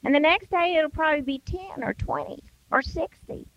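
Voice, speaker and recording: At a moderate pace, an older American woman with a high, slightly bright voice gives an emphatic Christian devotional talk. She dramatizes everyday excuses in quoted voices, and the recording sounds dull and dry.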